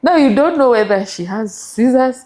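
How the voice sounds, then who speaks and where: A woman's voice: fairly high pitch, animated, normal speed, darkish tone. A middle-aged woman with a Kenyan accent, telling her story as an interview guest and mixing English with Swahili.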